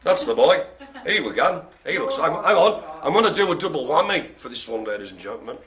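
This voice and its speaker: Calling the cards at a live dog bingo show, a man jokes theatrically and laughs often in a room with colleagues present, with crowd noise around him. His voice is on the high side, brisk, and full of big pitch swings.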